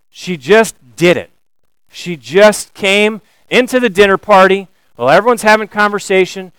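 Animated male pastor preaching. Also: fairly high pitch, smooth, no room sound, low-quality recording. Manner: animated, rising to emphatic questions. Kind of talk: sermon.

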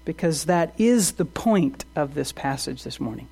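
A man's voice: on the high side, lively intonation, a little slow, creaky, dark tone, slightly rough. A man preaching a sermon as pastor, earnest, asking the congregation rhetorical questions and often restarting his words.

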